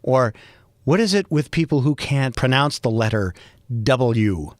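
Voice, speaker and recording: Wry, rambling podcast host from Boston. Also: male voice, medium pitch, expressive, a little slow, no echo, studio quality. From Boston, USA. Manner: rambling, self-mocking, wry humor with bursts of mock yelling. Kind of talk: freeform solo podcast monologue.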